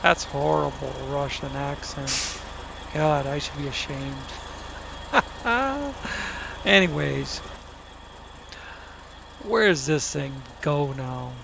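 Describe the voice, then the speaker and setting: Over the loud truck-engine audio of a driving game, a man with a fairly high voice and vocal fry offers wry, casual commentary. He speaks slowly with frequent pauses, muttering to himself and talking back at the screen, with background noise present.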